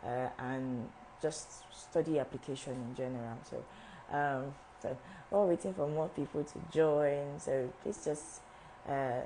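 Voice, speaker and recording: A woman's voice: a bass voice, measured pace, mellow, slight background noise, poor audio. A young woman, a visa officer hosting a live information session, who often repeats and restarts her phrases as she talks straight to viewers. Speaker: visa officer at a travel agency.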